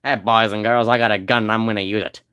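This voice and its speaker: A man putting on the voice of a rural American man with a gun, with a slow, low Southern drawl. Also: fairly even intonation, pushed and bright, smooth, dry recording, studio quality. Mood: mock-cheery.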